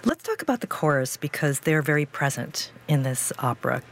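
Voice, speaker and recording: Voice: medium pitch, very animated, brisk, creaky, slight background noise. An interviewer asking questions in a curious, appreciative way.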